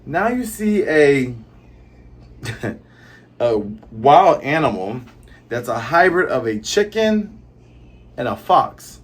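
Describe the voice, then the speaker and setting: A man's voice: mid-range voice, big pitch swings, slow pace, pauses often, slightly rough. A man casually recapping a comic chapter in a rambling, chatty way with many fillers. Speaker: comic reviewer.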